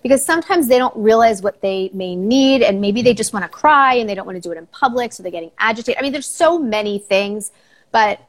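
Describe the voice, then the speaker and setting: A woman's voice: fairly high pitch, lively intonation, a little fast. Earnest, advice-giving middle-aged woman. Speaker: psychologist guest. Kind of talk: casual podcast chat.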